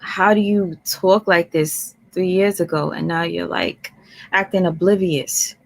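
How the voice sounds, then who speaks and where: A slightly low woman's voice with a calm, conversational manner. She hosts a livestream and speaks straight to her viewers, commenting on a played clip. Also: unhurried, gravelly. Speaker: livestream host.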